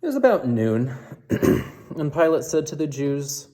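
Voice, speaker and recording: A man giving a measured, solemn scripture reading for a worship service. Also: fairly high pitch, big pitch swings, mellow. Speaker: scripture reader.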